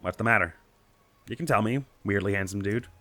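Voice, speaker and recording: A man voicing a vain, lovestruck village man, reading game dialogue in a low, sheepish mutter. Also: brisk, sharp tone. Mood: boastful.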